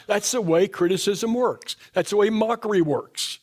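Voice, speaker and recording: A middle-aged man preaching a sermon in a church, asking the congregation question after question, his voice dropping low and soft to drive points home. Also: moderate pace, few pauses. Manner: emphatic, asks the congregation rhetorical questions. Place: church sanctuary.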